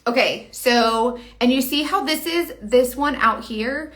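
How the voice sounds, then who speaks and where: A young woman with a somewhat high voice talks through a makeup tutorial in a loose, rambling way. She chats along and comments to herself as she works. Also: slow, fairly bright tone. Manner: rambling, chatty, talks to herself while working. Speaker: beauty vlogger.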